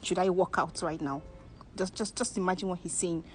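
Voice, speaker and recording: A woman's voice: on the low side, steady tone, fairly quick, faint music behind. A woman in a comic blind-date skit, speaking in an indignant and offended way.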